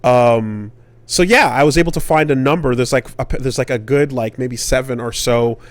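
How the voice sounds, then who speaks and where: A man's voice: medium pitch, moderate pace. A man co-hosting a podcast, telling a long casual story full of fillers and swearing. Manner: rambling and profane, with many fillers. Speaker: podcast co-host.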